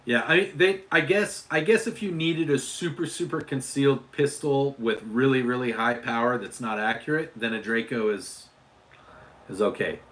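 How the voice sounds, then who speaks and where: A man's voice: mid-range voice, normal speed, fairly bright tone. A man from Utah hosting a casual livestream, chatting with viewers and often restarting and repeating his words. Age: adult father. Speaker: livestream host.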